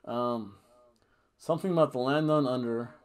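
A man's voice: medium pitch, normal speed. Rambling, tipsy man. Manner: jokey, rambling, breaks into goofy singing and chants. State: a bit tipsy from wine. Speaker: podcast co-host reviewing wrestling. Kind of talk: casual rambling review.

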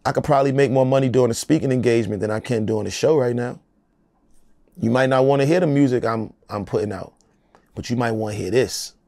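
Speaking briskly at medium pitch, a middle-aged rapper has a warm voice with a gravelly, rough edge. He is being interviewed casually and talks in a loose, emphatic, streetwise way, recorded dry and close-miked.

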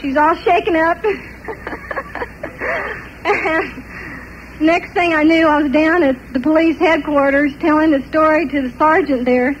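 An older woman telling a personal story in an animated way, often laughing between parts of it. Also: high voice, measured pace, long pauses, dull audio, slight background noise. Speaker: testimony speaker.

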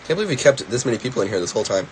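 A man's voice: mid-range voice, very animated, very fast, a little hiss or hum. A young man with a Philadelphia accent chatting casually and joking on a livestream, a little stuffy in the sinuses. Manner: rambling, joking, laid-back.

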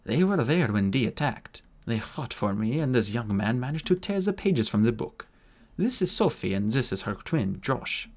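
A man voicing an old immortal alchemist who speaks quietly and gravely in a storybook audiobook. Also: medium pitch, big pitch swings, moderate pace. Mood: calm.

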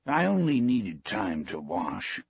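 Gentle poor old fisherman, storybook dialogue, man reading, low voice, slow, dry sound. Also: huge pitch swings, creaky, husky, dry recording, exaggerated voice. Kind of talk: audiobook reading.

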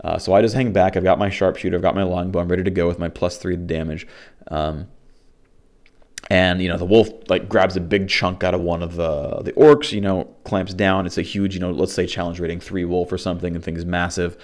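A young man casually recapping a tabletop game session, rambling with lots of fillers and restarts, and slipping into lively quoted dialogue. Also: low voice, fairly quick.

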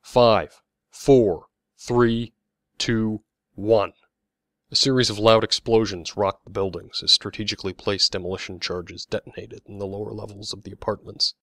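Low-voiced man narrating an audiobook. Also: no room sound, clean studio sound. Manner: even, measured storytelling. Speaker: author narrating his own novel.

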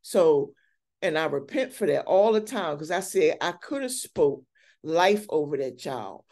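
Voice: mid-range voice, animated, measured pace, a little mellow. A church elder speaking earnestly and candidly in a casual Bible study, often restarting sentences.

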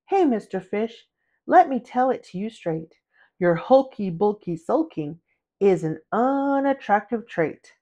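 A woman's voice: medium pitch, very animated, a little slow, mellow. A woman voicing a blunt, straight-talking octopus in a storybook, in rhyme.

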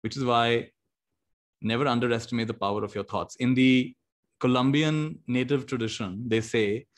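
A man giving a motivational talk as a meditation teacher over a video call, animated and storytelling, often laughing and acting out quotes. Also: mid-range voice, moderate pace.

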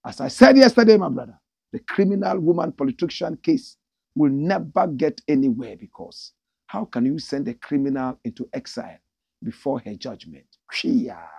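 Ghanaian male host, husky and gravelly, swinging pitch, dry close sound. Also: moderate pace, dry recording. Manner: animated, reads viewer comments aloud in a pitched-up voice. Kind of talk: casual livestream talk.

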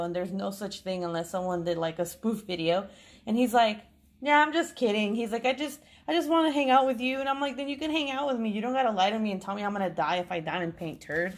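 A woman in her thirties, a crafting vlogger, chatting casually and rambling through family stories while unboxing a kit. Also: a little high. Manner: rambling storyteller, chatty, laughs often.

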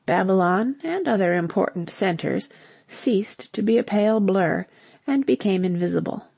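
A woman reads a novel aloud in a measured, expressive narration. Her voice is husky with a gravelly edge and moves lively in pitch. The recording is dry and close, with no room sound. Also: no echo. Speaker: audiobook narrator. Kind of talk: scripted narration.

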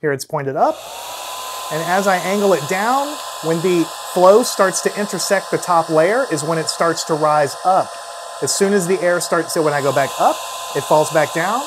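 A man's voice: fairly high pitch, moderate pace, noisy background. Man explaining physics demos. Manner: explains step by step, counts down before each demo. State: out of breath at times from blowing. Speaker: science teacher. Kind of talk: hands-on physics demonstration.

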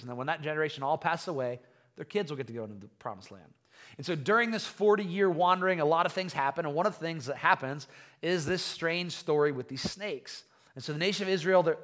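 A male pastor delivers a sermon in a casual, conversational way, full of quick restarts. His voice sits a little on the high side, and he swings between lively emphasis and quiet asides. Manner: animated, storytelling, frequent restarts.

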